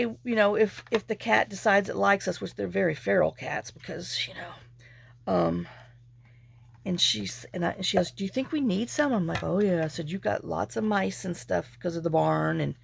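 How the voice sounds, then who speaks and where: A woman with a lowish, gravelly voice tells a long story in an easy, rambling way, sometimes sinking into near-whispers. The recording is close and dry, with no room sound around her. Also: no room sound. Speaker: craft vlogger. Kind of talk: casual storytelling chat.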